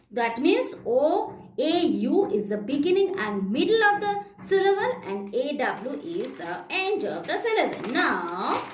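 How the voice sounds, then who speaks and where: A woman teaching a phonics lesson, explaining slowly and spelling out letters and sounds. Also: sits high, slight background noise. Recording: echoey room.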